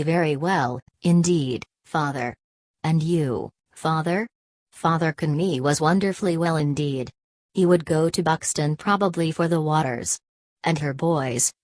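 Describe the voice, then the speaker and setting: A woman reading a classic novel aloud as an audiobook narrator, in a measured, even delivery. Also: deep voice, no room sound. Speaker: audiobook reader. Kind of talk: scripted literary narration.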